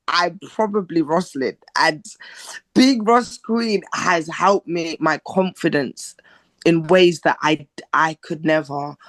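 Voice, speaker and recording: A woman from Zimbabwe, a singer talking as a podcast guest in a soft-spoken, reflective, halting way. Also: lowish voice, dry recording. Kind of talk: casual interview chat.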